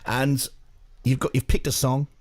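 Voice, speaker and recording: A man's voice: medium pitch, level tone, measured pace. A man presenting a live radio interview in a studio, chatty, with stumbling restarts and repeated words. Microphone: studio microphone.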